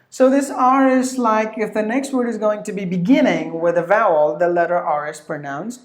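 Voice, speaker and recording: A woman teaching English pronunciation who repeats each word slowly and spells out its letters. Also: medium pitch. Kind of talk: pronunciation lesson. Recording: echoey room.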